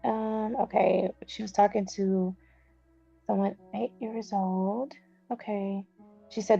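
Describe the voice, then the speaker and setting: Woman, middle-aged, gravelly, mellow low-toned voice, muffled phone recording, faint music behind. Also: slow pace. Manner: reads passages aloud, then comments in a relaxed chatty way. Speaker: vlogger reading and reviewing a self-help book. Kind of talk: casual vlog with book reading aloud. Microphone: phone with headphones in.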